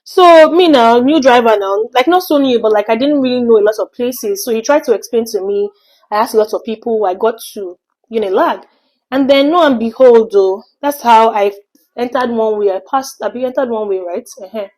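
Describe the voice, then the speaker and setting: A young adult woman from Nigeria, telling an animated storytime vlog and slipping in pidgin phrases. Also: fairly high pitch, normal speed, poor audio. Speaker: vlogger.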